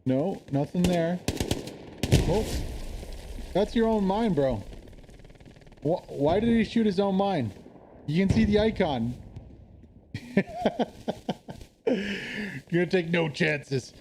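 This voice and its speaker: A man giving casual live commentary on an online war game match, chatty and quick to laugh. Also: high-pitched, lively intonation, darkish tone, a little hiss or hum. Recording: game gunfire and explosions behind.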